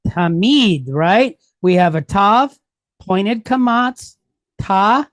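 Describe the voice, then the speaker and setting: A woman teaches a Hebrew lesson at an unhurried, deliberate pace, with a mid-range voice. She takes it step by step and often puts a question to the class before answering it herself. The sound is dry and close, with little room. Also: medium pitch, lively intonation, dry recording.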